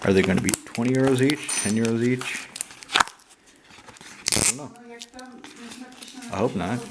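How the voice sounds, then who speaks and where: Man, low gravelly voice, rambling casual chat, home recording, running water noise behind. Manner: rambling, thinks aloud, swears casually. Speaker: channel host opening card mail. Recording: noisy room with running water.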